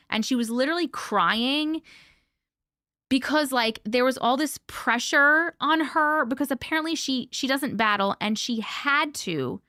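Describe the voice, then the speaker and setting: A woman hosts a live stream and chats loosely with her viewers, reading out their comments and thanking them by name. Her voice is bright and forceful, sitting a little high. The sound is dry and close, with no room in it. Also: dry recording. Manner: chatty and rambling, swears casually, thanks viewers by name.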